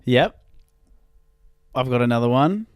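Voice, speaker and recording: A woman's voice: animated, unhurried, a little mellow, clear, resonant tone, dry recording, studio quality. A woman co-hosting a comedy podcast, chatting casually and riffing into laughing rants. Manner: giggly, riffing, bursts into high laughing rants. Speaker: podcast co-host.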